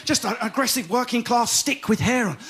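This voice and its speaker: A man with an Essex accent doing a fast, animated stand-up comedy set on stage, often bursting into shouts. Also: very high-pitched, very noisy. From Essex, England. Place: comedy stage before an audience.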